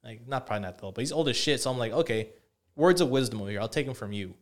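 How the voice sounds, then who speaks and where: A young man talks fast in a loose, rambling way, swearing constantly as he tells stories. His pitch sits in an ordinary middle range for a man. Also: animated. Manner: profane, rambling storytelling. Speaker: podcast co-host. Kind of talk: casual chat.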